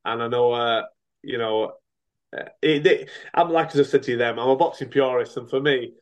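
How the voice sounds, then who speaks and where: A middle-aged man, a boxer turned coach, speaking in a mid-pitched voice. He talks frankly in a loose, rambling way, often restarting his sentences and leaning on fillers as he tells his story. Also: moderate pace. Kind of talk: casual interview talk.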